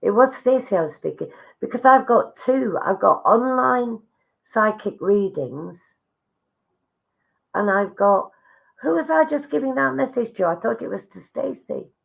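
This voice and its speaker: A woman's voice: fairly high pitch, expressive, measured pace, creaky. A woman giving live psychic readings to viewers online, chatty and affectionate, relaying messages she says come from spirits.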